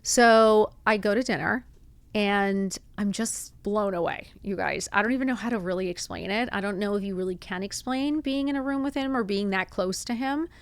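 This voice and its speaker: A woman hosting a podcast, telling a personal story in a casual, animated way, acting out quotes and saying "like" a lot. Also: medium pitch, normal speed, clean tone, no echo. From Miami. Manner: animated, acts out quotes, says "like" often. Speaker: podcast host.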